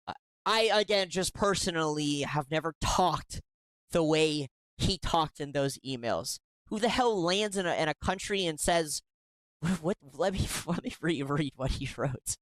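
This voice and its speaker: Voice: medium pitch, dry recording. A commentary show host reacting to emails read aloud, sarcastic and indignant, often restarting sentences.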